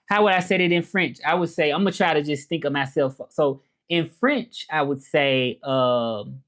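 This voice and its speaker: A man's voice: fairly high pitch, lively intonation, moderate pace, few pauses. A man chatting casually on a live stream, rambling along, greeting viewers by name and trying out French phrases. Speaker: livestreamer.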